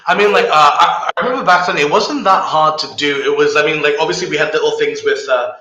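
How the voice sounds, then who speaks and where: A man chatting casually as a guest, relaxed and agreeable, with easy chuckles. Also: fairly high pitch, quick pace. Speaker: guest friend. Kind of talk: casual chat. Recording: echoey room.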